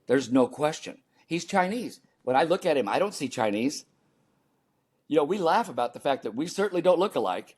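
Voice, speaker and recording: An older man, a podcast guest, telling personal stories in an animated way and acting out the people in them. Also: on the high side, brisk, husky. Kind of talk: storytelling in a podcast interview.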